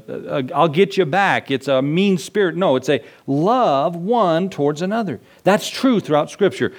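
Here a pastor with a voice on the high side delivers his sermon conversationally. Jokes and rhetorical questions run through it, and he stretches out important words to stress them.

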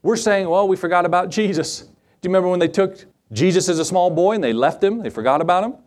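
A middle-aged man preaching a sermon as pastor, animated and acting out Bible scenes in different voices. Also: high-pitched, fast talker.

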